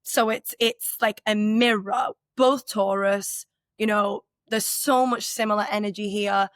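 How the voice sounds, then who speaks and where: Woman in her 30s, podcast co-host, mid-pitched, earnest and open, loose rambling delivery, dry booth sound. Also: fairly even intonation, measured pace, no room sound. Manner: candid, rambling, many filler "like"s. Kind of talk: casual reflective conversation.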